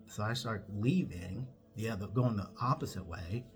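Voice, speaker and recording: Low-voiced man telling a comic story. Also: fairly quick, faint music behind. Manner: animated, acts out every character. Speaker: comedian.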